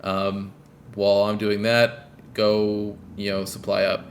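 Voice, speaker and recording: A blunt, offhand male companion from a shooter game, talking to his partner in a plain, low-pitched voice, as a man puts him on while retelling the story. He sounds scruffy and casual, never fussing over his words. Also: completely flat delivery, takes it slowly, slight background noise.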